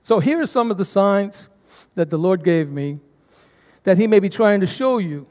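A man's voice: sits high, expressive, moderate pace, darkish tone. A man preaching a sermon as pastor to his congregation, calling for responses from them. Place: church sanctuary. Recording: long church reverb.

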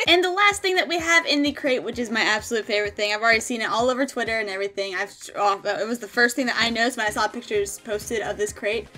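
A woman, chatting excitedly and giggling as she unboxes items in a casual vlog. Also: on the high side, fast talker, faint music behind. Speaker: gaming content creator.

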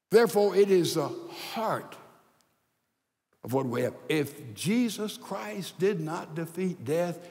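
An older man preaching a sermon as pastor, swinging from loud emphasis to hushed, near-whispered lines. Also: high-pitched, big-room sound. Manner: slow, deliberate delivery with long pauses.

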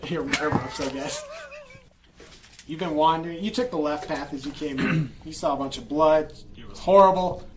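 A man's voice: fairly high pitch, moderate pace, low-quality recording. A man running a tabletop game, narrating scenes in an easygoing, descriptive way. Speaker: game master.

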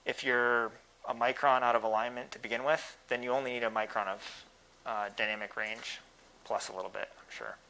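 Bright-voiced man answering technical questions. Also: medium pitch, steady tone, fairly quick, slight background noise, rough recording. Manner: thoughtful, technical, hesitant with fillers. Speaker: guest speaker answering questions. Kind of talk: academic Q&A.

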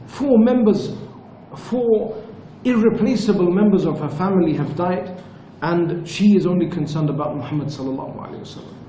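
A man giving a religious lesson at a retreat, telling stories in an earnest, measured way. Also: high-pitched, mellow, slight background noise. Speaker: religious teacher. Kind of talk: storytelling lecture. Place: retreat lecture room. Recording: echoey room with faint ambience.

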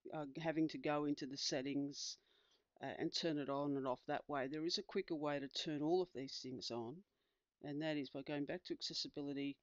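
An instructor calmly explaining a tablet feature step by step, with small fillers along the way. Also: mid-range voice, no room sound, dull audio. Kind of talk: screen-recorded tutorial demonstration.

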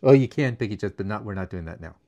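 A man's voice: fairly low pitch, lively intonation, very fast, warm tone. A man playing dice with the host at home, laid-back and giving short, plain replies. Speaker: host's game partner. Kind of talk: casual chat over a tabletop dice game.

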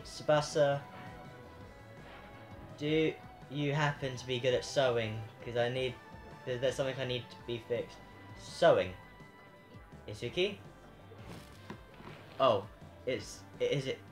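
A man hosting a casual video game let's play, chatty and joking as he reads the game's lines aloud. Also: medium pitch. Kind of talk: casual gameplay commentary. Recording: echoey room with game music. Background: video game music.

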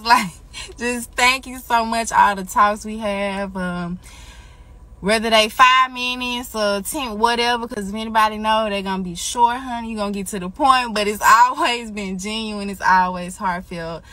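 A woman recording a casual, heartfelt tribute message, joking at first and then going soft as she gets emotional. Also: medium pitch, moderate pace. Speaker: church member giving a tribute.

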